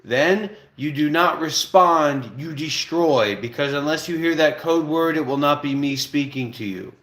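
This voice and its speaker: A man's voice: a little high, a little slow, a bit bright. Commanding man, roomy echo. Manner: commanding, issues blunt instructions. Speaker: livestream host. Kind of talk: casual livestream talk.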